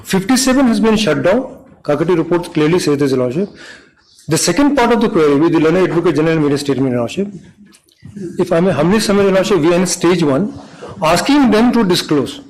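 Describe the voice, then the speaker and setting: A man, a government lawyer making halting, deferential submissions in court. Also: high-pitched, lively intonation, a little mellow, poor audio. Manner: deferential, halting, repeats "Lordship". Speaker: government counsel.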